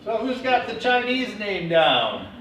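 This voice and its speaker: A man teaching a classroom lecture, lively and coaching his students. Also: high-pitched, measured pace. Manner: lively, coaching students through name pronunciation. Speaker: teacher educator. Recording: echoey classroom from far off, faint hiss.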